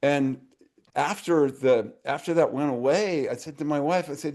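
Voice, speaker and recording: A man in his seventies, speaking as a guest in a casual interview. His voice sits fairly high for a man, and he tells his stories earnestly. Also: moderate pace, darkish tone. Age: 70s. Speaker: guest author.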